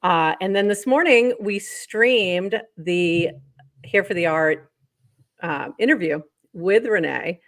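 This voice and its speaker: A woman co-hosting a casual livestream, upbeat and quick to laugh as she runs through the news. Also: medium pitch, dry recording, studio quality. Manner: upbeat, laughs often, reads news items. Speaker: co-host.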